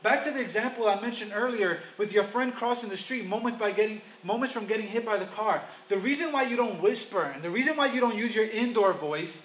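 A man's voice: sits high, brisk, few pauses, a bit bright, echoey room, highs cut off, a little hiss or hum. A man preaching a conversational sermon, calling the congregation "guys" and putting questions to them. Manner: addresses listeners as "guys", asks them questions. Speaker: pastor.

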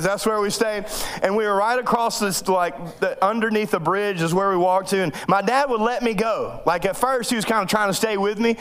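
A male pastor, telling a personal story in a sermon, animated and joking, with bursts of loud voices. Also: high voice, clean tone. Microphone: microphone.

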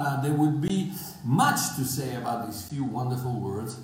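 A South African man delivers an emphatic sermon at a medium pitch, often restarting his phrases and laughing briefly. His voice rings through a very echoey room. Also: animated, moderate pace. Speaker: preacher.

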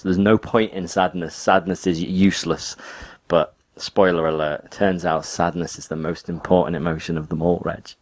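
A man, co-hosting a podcast in casual, rambling chat with lots of restarts. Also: low voice. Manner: rambling, laughs a lot, many restarts. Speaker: podcast co-host.

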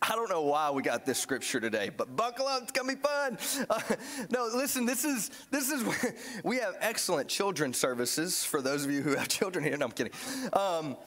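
A man preaching a sermon in a church, animated and joking as he acts out the story. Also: fairly high pitch, moderate pace. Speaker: pastor.

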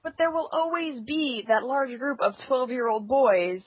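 A woman co-hosting a casual podcast chat, animated and opinionated. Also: high voice, a little slow, no echo. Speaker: podcast co-host. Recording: dry, tinny phone-like sound.

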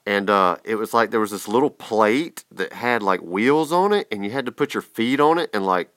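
A man, hosting a relaxed, folksy chat. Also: on the low side, moderate pace, no echo. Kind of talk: casual chat.

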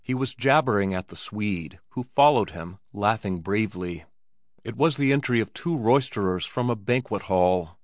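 Audiobook narrator, male, low register, steady storytelling delivery, dry close sound. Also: normal speed, dry recording. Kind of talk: scripted narration.

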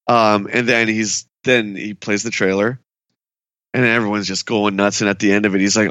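A man's voice: fairly low pitch, moderate pace, no echo. A man co-hosting a pop culture podcast, telling stories with energy and acting out what people said in a raised voice. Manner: animated storyteller, acts out quotes in raised voice. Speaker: podcast co-host. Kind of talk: casual chat.

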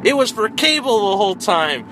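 A man in casual chat, retelling a movie with lots of swearing and animated energy. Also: high voice, normal speed, noisy background.

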